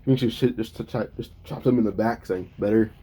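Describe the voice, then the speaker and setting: Man, casual storyteller, low voice, mellow tone, stumbling self-correcting delivery. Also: a little fast, breathy edge. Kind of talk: casual fan-story narration.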